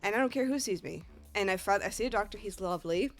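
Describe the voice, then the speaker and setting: A woman's voice: mid-range voice, expressive, fast talker, soft background music. A woman with a Northeast American accent, a streamer telling a rambling, profane story in casual chat. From Northeast United States.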